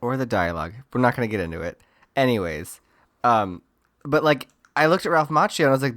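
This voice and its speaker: A man's voice: mid-range voice, animated, brisk, a bit bright, no room sound, clean studio sound. A man co-hosting a podcast in casual chat, musing in a rambling way full of fillers. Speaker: podcast co-host.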